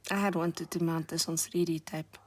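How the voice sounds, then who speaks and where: A woman chats quietly through a crafting session, her low-ish voice husky and a little hoarse. She often trails into near-whispers as she concentrates on her hands. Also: fairly even intonation, moderate pace. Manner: soft-spoken, murmuring while working, frequent near-whispers. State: hoarse, recovering voice. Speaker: craft vlogger. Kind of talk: casual crafting commentary.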